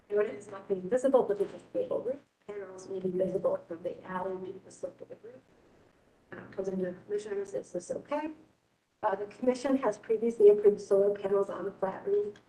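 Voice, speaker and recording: A woman from the city staff reads a report in a brisk, businesslike way. She sits away from the mic in an echoey chamber, with a faint rumble behind her. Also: mellow, far from the mic. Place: council chamber.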